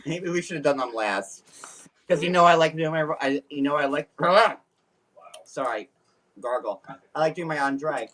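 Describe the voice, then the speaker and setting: A man's voice: on the high side, animated, a little slow, fairly bright tone. A man hosting a casual recap chat, who makes joking, self-mocking asides. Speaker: show host.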